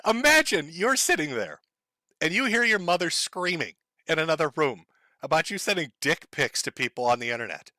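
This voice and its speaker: A man's voice: high voice, bright, forceful tone, no room sound. A man giving crude, mocking commentary on a stream.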